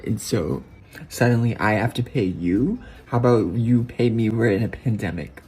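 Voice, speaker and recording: A man's voice: on the low side, normal speed, darkish tone, husky. A man delivering a rambling, mock-indignant comic rant to the camera.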